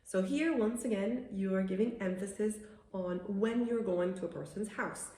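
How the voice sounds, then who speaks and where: A woman teaching in a video lesson, recorded in a room with a clear echo. She is chatty and explains patiently. She slows down to read each example sentence clearly. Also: mid-range voice, warm tone. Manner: chatty, laughs at her own examples. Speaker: Italian language teacher.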